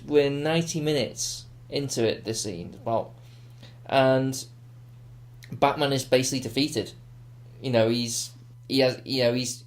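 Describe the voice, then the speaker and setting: A man co-hosting a podcast, reviewing a film in casual, rambling chat full of fillers and restarts. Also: medium pitch. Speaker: podcast co-host.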